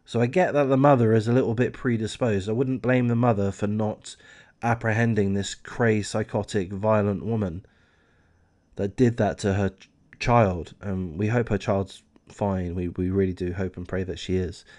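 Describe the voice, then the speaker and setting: A man's voice: lowish voice, fairly even intonation, normal speed, a little mellow. Swearing man reading crime news. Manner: candid, swears freely, slips into ranting asides. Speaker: true crime YouTuber. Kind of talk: reading a news article aloud with casual commentary.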